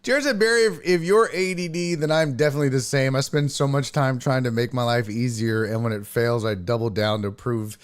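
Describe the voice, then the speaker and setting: A man hosting a casual sports live stream, reading viewer comments and ranting with profane, exasperated outbursts that break into yelling. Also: mid-range voice, fairly even intonation, fairly quick, few pauses, smooth.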